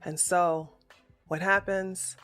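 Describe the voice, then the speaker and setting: A man's voice: sits high, little pitch movement, slow pace, pushed and bright, faint music behind. A political livestream host talking through an argument on his show in an emotional, stammering way that keeps correcting itself. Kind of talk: livestream commentary.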